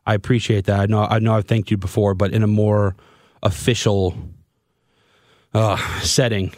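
A man in his twenties hosting a podcast, talking in a halting, stammering way and openly getting emotional in a candid conversation. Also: on the low side, fairly even intonation, a little mellow, no room sound, studio quality. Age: 20s. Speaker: podcast host and radio broadcaster.

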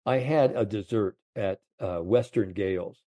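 A man in his seventies, a golf confidence coach, telling animated stories in an interview, full of "you know". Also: on the low side, a little slow, no echo, clean studio sound. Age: 70s. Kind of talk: storytelling interview chat.

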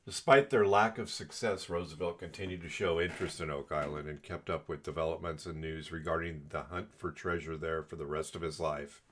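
A man's voice: a bass voice, fairly even intonation, fairly quick, hardly any pauses. A man co-hosting a podcast, reading history aloud with dry joking asides. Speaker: podcast co-host. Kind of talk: casual chat and reading aloud.

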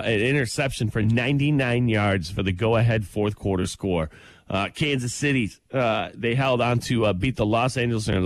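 A man co-hosting a morning radio show, chatting casually and running through sports with excitable enthusiasm in a studio. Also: on the low side. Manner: excitable, enthusiastic, quick rants. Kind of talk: casual chat and sports rundown.

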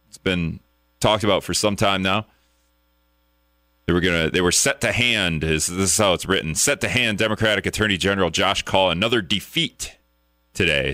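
Deep, bright-voiced talk radio host. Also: male voice, smooth, no echo, studio quality. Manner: wry, casual, chuckles at absurd news. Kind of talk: call-in radio talk, reading news aloud.

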